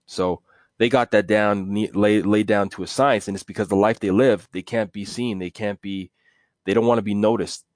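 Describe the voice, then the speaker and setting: Low-voiced, laid-back male podcast host. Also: moderate pace, dry recording, studio quality. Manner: relaxed and conversational, with many fillers. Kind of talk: solo podcast monologue.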